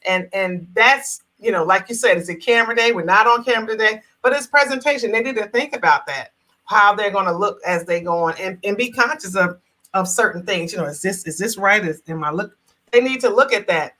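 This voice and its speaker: A woman's voice: medium pitch, brisk, sharp tone, low-quality recording. A woman from New Jersey hosting a casual live talk show over a video call, chatty and encouraging with frequent affirmations.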